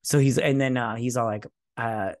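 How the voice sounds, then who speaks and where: Speaking at a normal speed in a mid-range voice with fairly even intonation, this man runs a TV review channel and recaps an episode. His take is loose, crude and mocking, and he keeps stumbling over names he can't quite recall. The recording is dry and studio quality.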